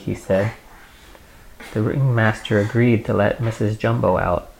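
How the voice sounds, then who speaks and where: A man reading a storybook aloud to a small child, patient and gentle, answering the child's interruptions. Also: fairly low pitch, moderate pace, gravelly, a crowd in the background, low-quality recording.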